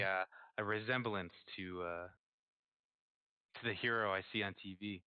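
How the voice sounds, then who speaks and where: A man's voice: on the low side, fairly even intonation, normal speed, long pauses, smooth, no room sound. A man playing at a tabletop game, speaking in character with a hesitant, bantering manner. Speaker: player. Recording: muffled lo-fi mic.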